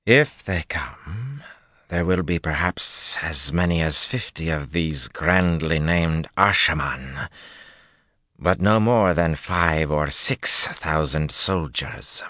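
A man voicing a haughty high-born woman commander who speaks curtly and snaps when angered, in an audiobook reading. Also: takes it slowly, sharp tone, no room sound, clean studio sound, exaggerated voice. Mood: furious. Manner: curt, snapping, demanding.

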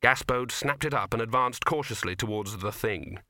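With a mid-range voice, a man delivers scripted audiobook narration in a steady, measured storytelling style. The recording is dry and clean, studio-made.

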